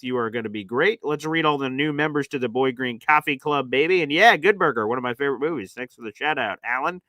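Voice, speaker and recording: A man's voice: medium pitch, pushed and bright, no room sound, studio quality. A man hosting a casual sports livestream, hyped up and calling his viewers "baby" as he reads off gifts. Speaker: livestream host.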